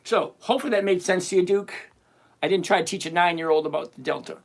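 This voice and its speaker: A man's voice: high voice, quick pace, gravelly. A man hosting a livestream on trading, answering viewers' chat questions in a casual, teasing, emphatic way. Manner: animated, teasing, emphatic with repetition.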